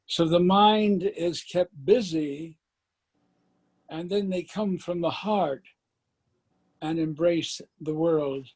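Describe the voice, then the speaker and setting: A man taking part in a spiritual group call, sharing a comment in a measured, reflective way. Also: fairly high pitch, darkish tone. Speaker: participant.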